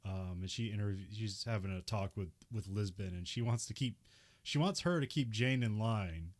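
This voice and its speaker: A man with a somewhat low voice recaps a TV episode in relaxed podcast chat. He breaks into laughter mid-sentence now and then as he talks. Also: moderate pace. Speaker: podcast co-host.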